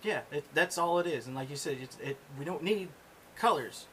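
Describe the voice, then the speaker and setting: Bright-voiced joking guy. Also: fairly high pitch, expressive, brisk, slight background noise, low-quality recording. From USA. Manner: joking, agreeable sidekick. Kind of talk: casual chat.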